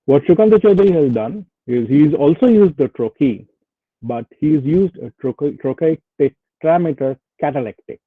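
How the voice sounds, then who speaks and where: A man's voice: on the high side, animated, normal speed, husky, no room sound. A man giving a webinar lecture to students, explaining poetic meter step by step. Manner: explanatory, walks through examples step by step. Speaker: guest lecturer. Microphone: video call. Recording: dry tinny phone-like audio.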